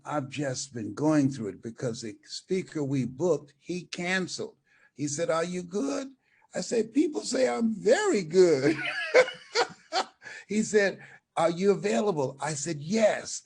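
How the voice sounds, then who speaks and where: Older male speaker, husky, very animated storyteller who acts out every voice in the anecdote. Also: a little high. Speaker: motivational speaker, guest. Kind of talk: storytelling interview.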